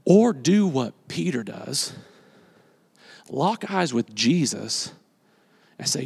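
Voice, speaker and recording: A man's voice: fairly high pitch, measured pace, gravelly, pauses often, husky. A male pastor preaching a sermon with energy, urging the congregation on and repeating his phrases. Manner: energetic, exhorting, repeats phrases, acts out quotes. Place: church sanctuary. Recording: long reverb of a large hall.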